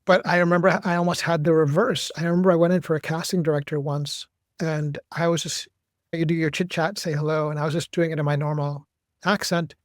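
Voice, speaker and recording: A man, an actor and director, telling stories in a measured, reflective way as a podcast guest. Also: fairly high pitch, level tone, dry recording, clean studio sound. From United States. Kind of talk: podcast interview.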